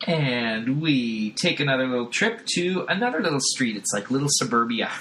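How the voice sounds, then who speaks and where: Bright-voiced man recapping a comic. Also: medium pitch, expressive, moderate pace, slight background noise. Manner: laughs often, recaps with voices. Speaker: podcast host. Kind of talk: casual comic book chat.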